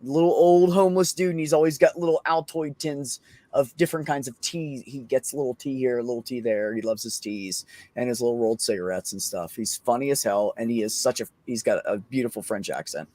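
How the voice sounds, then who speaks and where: A man chatting casually on a podcast, telling excited stories and swearing often. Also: medium pitch, fairly quick, dry recording. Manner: excited storytelling, frequent swearing. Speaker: podcast host. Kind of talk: casual chat.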